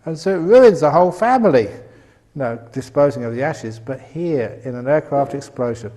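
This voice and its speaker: A man's voice: fairly high pitch, lively intonation, moderate pace, mellow, in a large hall. Older man giving a joking meditation talk. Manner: jokey, laughs often at his own jokes. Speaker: meditation teacher. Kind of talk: humorous dharma talk.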